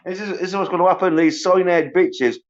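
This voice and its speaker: A man ranting profanely on a solo livestream, mocking others in high whiny voices. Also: brisk. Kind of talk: angry solo livestream rant. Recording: dull lo-fi stream audio.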